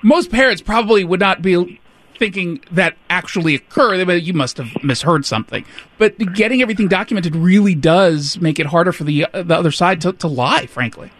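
Higher-voiced male interview host. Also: brisk, a bit bright, slight background noise. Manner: conversational, asks long questions. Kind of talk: interview hosting.

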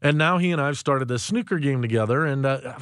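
A man's voice: medium pitch, quick pace, fairly bright tone, no room sound, clean studio sound. A man co-hosting a talk radio show in casual banter, needling his partner and rambling with restarts. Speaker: radio co-host. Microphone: studio broadcast mic.

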